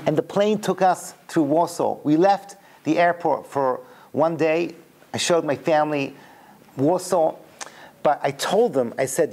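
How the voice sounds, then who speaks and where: A man with a British accent, a rabbi giving a humorous lecture to a live audience. He tells stories with lively jokes and then turns them into teaching. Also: a little high. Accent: British English. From Britain. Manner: animated storyteller, mixes jokes with teaching.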